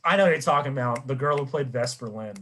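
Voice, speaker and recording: A man guesting on a podcast in casual chat, joking and bantering in an animated way. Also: mid-range voice, quick pace.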